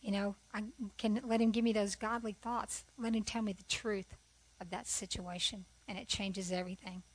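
A woman's voice: mid-range voice, little pitch movement, normal speed, low-quality recording. A middle-aged woman sharing a personal testimony at a women's conference, earnest and conversational, often asking rhetorical questions. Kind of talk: testimony sermon.

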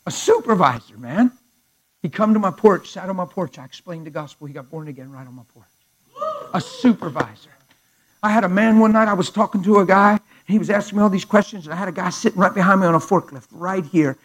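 High-voiced animated male preacher. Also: fast talker, low-quality recording. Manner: animated storyteller acting out dialogue, swings from hushed to loud. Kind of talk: sermon storytelling.

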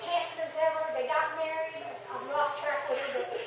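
A woman's voice: high voice, steady tone, normal speed, background noise. A woman giving a chatty, laughing church testimony to a live group, acting out her own inner conversations. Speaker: testimony speaker. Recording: distant, echoey, dull church room.

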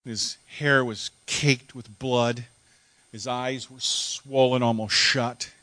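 A man preacher telling a story in first person as a dramatic monologue sermon, emotional and halting, repeating words when moved. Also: medium pitch, fairly even intonation, bright, forceful tone, no room sound.

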